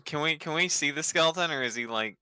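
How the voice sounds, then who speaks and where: A young man chats as a player at a tabletop game, asking quick, eager questions. His voice is bright and sharp in tone, set a little higher than most. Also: smooth. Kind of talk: casual tabletop game chat.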